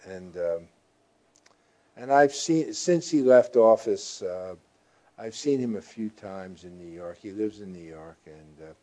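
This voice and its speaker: An older man with a deep, mellow voice answers interview questions. He talks in a slow, halting way, full of pauses and restarts. He sounds like a seasoned journalist recalling his time on the job. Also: expressive. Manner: halting, with frequent fillers and restarts.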